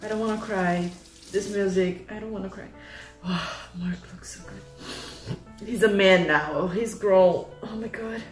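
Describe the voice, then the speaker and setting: A young woman hosting her own reaction channel, gushing excitedly and swearing freely as she reacts emotionally. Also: mid-range voice, measured pace. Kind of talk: casual reaction commentary. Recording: echoey room, faint music behind.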